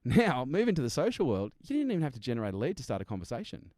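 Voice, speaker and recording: Fast, punchy male business speaker. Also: medium pitch, wildly swooping pitch, a little mellow, dry recording, clean studio sound. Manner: emphatic, acts out customers, swears. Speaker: guest business strategist. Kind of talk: energetic podcast interview.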